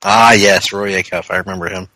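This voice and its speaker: Joking bright-voiced podcast co-host man. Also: sits low, fairly even intonation, brisk, dry recording, rough recording. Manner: jokey, breaks into sung lines and laughs. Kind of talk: casual chat.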